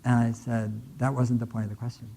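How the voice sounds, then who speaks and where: A man's voice: medium pitch, little pitch movement, a little fast, vocal fry, dark tone, breathy edge, poor audio. An older man giving a conference keynote, telling stories conversationally with many fillers and restarts. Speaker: keynote speaker. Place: lecture hall.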